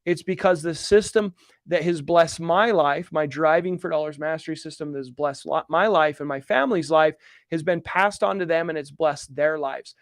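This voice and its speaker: A man's voice: on the high side, normal speed, no room sound. Earnest man giving a motivational talk. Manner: earnest, emphatic, repeats phrases for effect. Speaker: real estate coach hosting a live Q&A. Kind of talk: motivational live-stream talk.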